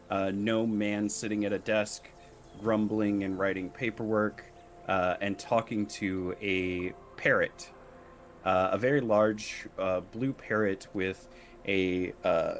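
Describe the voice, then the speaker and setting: A man narrating a tabletop game as game master, describing scenes in a halting way with many fillers and restarts. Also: lowish voice, a little hiss or hum.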